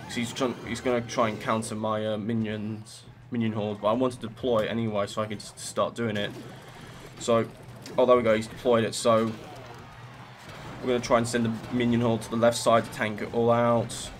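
A man's voice: fairly low pitch, level tone, moderate pace, a little hiss or hum. A man giving chatty live commentary over his own gameplay, narrating each move with self-critical asides.

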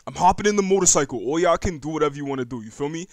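A young man giving casual gaming commentary, slangy and excitable, chatting to the game's creatures and yelping when startled. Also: fairly high pitch, very fast, few pauses, no echo, studio quality. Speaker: gaming YouTuber.

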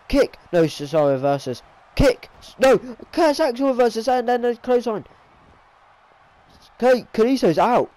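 Man, young, high-pitched voice, hyped wrestling game commentary, repeats himself, stumbles over words. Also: darkish tone, low-quality recording. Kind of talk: excited play-by-play commentary on a wrestling video game.

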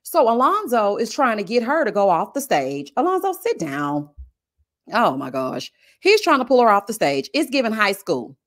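Woman vlogger reviewing reality TV, sassy and theatrical, higher voice with big swings. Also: moderate pace, hardly any pauses. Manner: sassy, animated, acts out quoted people. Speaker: reality TV commentator.

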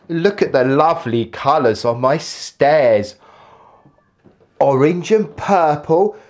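A man's voice: fairly high pitch, animated, a little slow. Playful man chatting to himself. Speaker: YouTuber. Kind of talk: playful vlog commentary. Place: indoor hallway on stairs.

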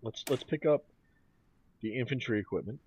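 A man's voice: mid-range voice, moderate pace, noisy background. A man hosting a gaming channel, thinking aloud in casual commentary as he plays a strategy game. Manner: thinking aloud, mumbling and musing. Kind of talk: let's play commentary.

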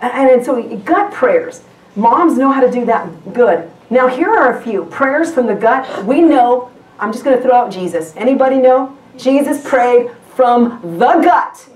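A woman's voice: a little high, animated, unhurried, darkish tone. A woman guest pastor preaching a sermon in a conversational way, often restarting her sentences and asking the congregation questions. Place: church sanctuary. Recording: echoey church hall from far off.

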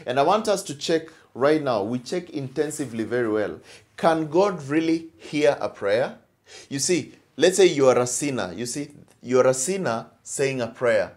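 A man's voice: medium pitch, darkish tone. A man with a Kenyan English accent preaching a sermon, emphatic, repeating phrases and often asking "all right?".

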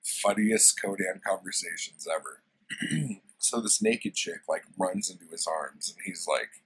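Slow, husky man casually retelling a story. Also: deep voice, a bit bright, low-quality recording. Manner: loose, profane, lots of fillers and likes. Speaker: book reviewer.

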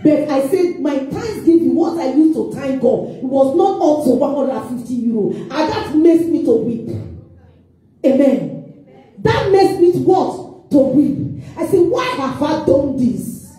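A woman evangelist's sermon comes through in call-and-response form as she poses questions and answers them herself. She speaks in a high, animated, unhurried voice with a dark tone, and the church hall recording is echoey, with a distant mic and faint music.

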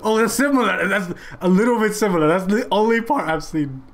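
A man hosting a reaction video, talking in casual, slangy, excitable commentary and often breaking into laughter. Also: sits high, fairly quick.

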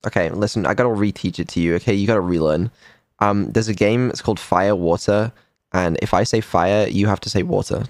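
A male streamer chatting casually in a halting, mumbling way with dry, swearing remarks. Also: fairly low pitch, no room sound. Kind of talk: casual chat.

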